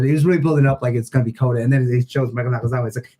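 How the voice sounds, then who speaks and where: A man co-hosting a wrestling podcast, excitedly retelling stories in casual chat and laughing as he goes. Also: medium pitch, very fast, few pauses. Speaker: podcast co-host.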